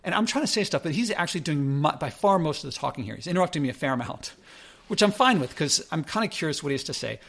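Gravelly man telling a rambling story. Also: on the high side, expressive, fast talker, a bit bright. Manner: rambling, self-correcting, conversational. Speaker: blogger telling a personal story. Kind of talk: casual first-person storytelling.

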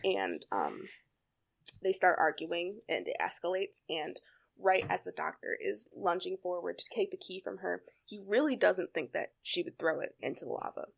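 A woman's voice: on the low side, normal speed, gravelly, breathy edge. A woman casually retelling a TV episode with lots of fillers. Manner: animated retelling with many fillers. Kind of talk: casual chat.

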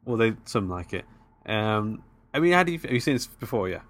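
Podcast co-host, male, lower-pitched; laid-back and teasing in casual conversation. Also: big pitch swings, fairly quick, fairly bright tone, no echo. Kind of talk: casual chat.

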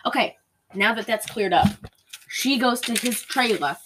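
A woman's voice: on the high side, measured pace, noisy background. A young woman co-hosting a casual podcast, retelling a film's plot in a chatty way, saying "like" constantly. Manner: chatty, heavy use of "like", mimics characters while retelling. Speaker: podcast co-host recapping a film. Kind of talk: casual chat.

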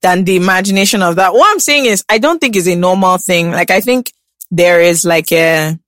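A Nigerian woman in her late thirties co-hosting a chatty podcast. She talks with animated energy, sometimes jumping into shrill, playful squeals. Her voice sounds dry and close, with no room echo. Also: normal speed. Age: late 30s. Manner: animated, breaks into shrill mock-scared squeals. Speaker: podcast co-host. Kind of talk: casual chat.

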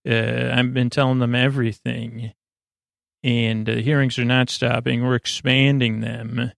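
Stern, zealous old woman admiral, voiced by a man in a plain recap, gravelly and dry. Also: medium pitch, unhurried, no room sound. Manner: quoted in his own flat, gravelly voice.

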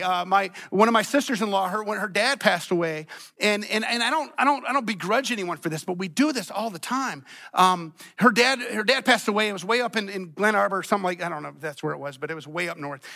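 A male pastor preaching a sermon, emphatic and repetitive, swinging between loud and quiet passages. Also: high-pitched.

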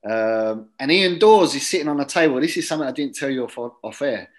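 A man spins a rambling, chatty anecdote in a relaxed interview. His voice sits at an ordinary middle pitch, and he often lets it fall to a low mutter for asides. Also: a little fast, low-quality recording. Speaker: guest, former footballer. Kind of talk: casual anecdote.

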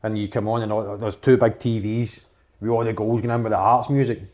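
A Scottish former footballer telling dressing-room stories in a casual chat, acting out other people's lines and swearing freely. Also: male voice, lowish voice, fairly quick. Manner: animated storyteller, swears a lot, acts out quotes.

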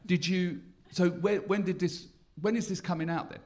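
A man's voice: high-pitched, fairly even intonation, normal speed, darkish tone. A man hosting a podcast, bantering cheekily in casual chat. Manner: cheeky, mock-boastful banter. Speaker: podcast host. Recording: noisy background.

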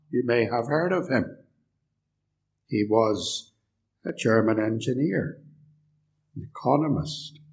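A man's voice: mid-range voice, rough recording. A man from the United Kingdom giving a live lecture in a church, sardonic and fond of rhetorical questions. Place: church hall.

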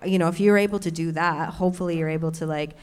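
A woman co-hosting a casual advice chat, speaking haltingly with stammering restarts and many fillers. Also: low-pitched, fairly even intonation, smooth.

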